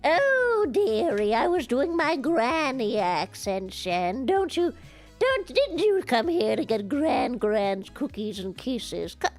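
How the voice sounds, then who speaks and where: A woman voicing a doting, chatty old grandmother with vocal fry, drawing out the ends of her sentences. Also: sits high, sing-song, soft background music, full character voice. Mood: fond. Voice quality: vocal fry, wavering up-and-down sing-song. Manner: drawn-out endings, fussing. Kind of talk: streamer putting on a character voice.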